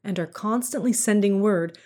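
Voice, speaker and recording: A woman's voice: medium pitch, moderate pace, lightly acted. Santa Claus, old and kindly, as a woman reads him. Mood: confiding. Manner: warm, confiding, fond of toys.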